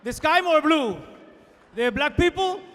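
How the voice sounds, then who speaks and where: Man putting on an old Cuban exile man, heavy Cuban accent, very high voice, long hall reverb. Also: lively intonation, measured pace, a bit bright, exaggerated voice. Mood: nostalgic, boisterous. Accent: Cuban Spanish. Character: old male Cuban exile, nostalgic and cheerful. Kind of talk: stand-up impression.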